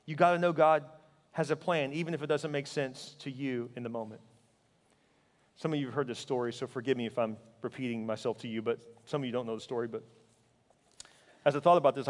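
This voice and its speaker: Impassioned male preacher in a reverberant hall. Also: on the high side. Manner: emotional storytelling, swinging from loud fervor to hushed, halting speech. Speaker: pastor. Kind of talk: sermon.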